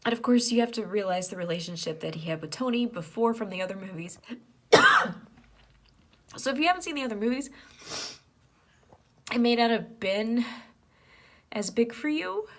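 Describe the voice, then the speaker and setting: A woman with a somewhat high voice talks in a casual reaction vlog. She is earnest and openly emotional, chatting and laughing as she goes. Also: lively intonation, moderate pace, pauses often. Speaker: movie reaction vlogger.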